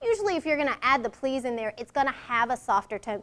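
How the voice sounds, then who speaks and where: A woman's voice: high voice, very animated, fast talker, a bit bright. A middle-aged woman leading a workshop, talking in a conversational way and acting out example lines in different tones. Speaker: workshop leader. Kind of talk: workshop presentation.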